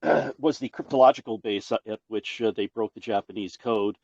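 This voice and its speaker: An older man calling into a livestream, talking in a hesitant, halting way with many pauses and fillers. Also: on the low side, gravelly, a little mellow. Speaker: caller. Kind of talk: casual chat. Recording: dull lo-fi call audio.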